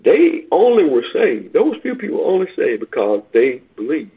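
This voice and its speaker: A man a sermon, repeating his points in call-and-response style and rising to near-shouts on key lines. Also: fairly high pitch, huge pitch swings, moderate pace, husky. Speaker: preacher. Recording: tinny phone-like radio broadcast.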